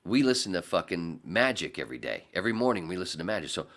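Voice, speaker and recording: Low-voiced, animated storytelling man. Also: quick pace. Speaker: podcast guest. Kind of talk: casual storytelling chat.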